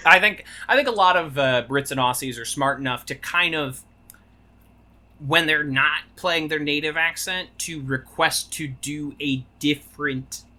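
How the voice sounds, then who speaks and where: A man chatting casually on a podcast, joking and now and then jumping into goofy high voices. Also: unhurried, pushed and bright. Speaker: podcast co-host. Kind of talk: casual chat.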